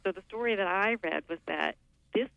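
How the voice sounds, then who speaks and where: A woman's voice: mid-range voice, fairly quick, creaky, a bit bright, clean tone, dry recording. An older woman, a radio show guest, explaining at length in a thoughtful, lecturing way. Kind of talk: radio interview. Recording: phone line, lo-fi.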